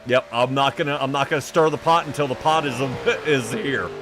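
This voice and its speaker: A man's voice: medium pitch, a little fast, noisy background. A man doing casual, chatty play-by-play for a sim racing broadcast, often trailing off and laughing.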